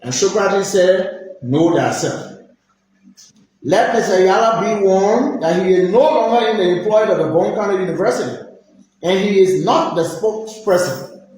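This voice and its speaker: A man's voice: high-pitched, moderate pace, darkish tone. A middle-aged man with a Liberian accent, a university vice president giving a formal, emphatic press statement that admonishes. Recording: very echoey room with faint noise.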